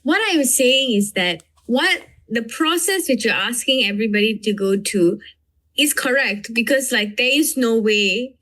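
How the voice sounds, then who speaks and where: A woman's voice: on the high side, lively intonation, unhurried, sharp tone. A young adult woman co-hosting a live talk, chatting casually and using many fillers. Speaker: co-host. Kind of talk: casual chat.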